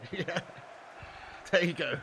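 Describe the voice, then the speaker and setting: A man chatting through a live game stream, his voice sitting on the higher side. He jokes with viewers, reads their messages out and swears casually as he plays. A faint noise runs underneath. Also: drawn-out words, pushed and bright. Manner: banters with chat, reads out comments, swears casually.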